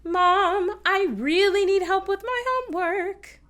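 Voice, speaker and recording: A woman's voice: mid-range voice, normal speed, lightly acted. A woman voicing her younger self as a little girl, half-singing a plea to her mom for homework help. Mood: pleading, sing-song. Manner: sing-song, half-sung pleading. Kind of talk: sung recitative demonstration.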